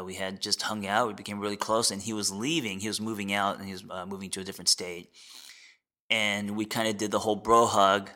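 A man in his forties, a podcast host and therapist, sharing a candid personal story in a reflective, halting way with many fillers and restarts. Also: fairly low pitch, bright, forceful tone. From United States.

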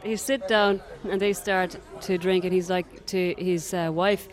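A woman's voice: on the low side, normal speed. A woman from Ireland with an Irish accent, telling a joke and acting out the people in it. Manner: animated, acts out the characters loudly. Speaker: joke teller.

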